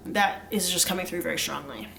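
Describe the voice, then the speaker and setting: Tarot reader young woman, lowish voice, rambling casual chat, faint room noise. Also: expressive, fairly quick, creaky, pushed and bright. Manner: chatty, rambling, laughs often, lots of um and like. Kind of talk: casual pick-a-card tarot reading.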